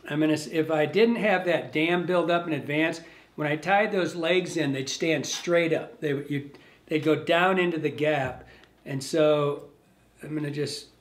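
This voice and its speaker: In a casual, step-by-step fly tying demonstration, a man with a voice on the high side speaks in a relaxed, rambling way, thinking aloud as he works.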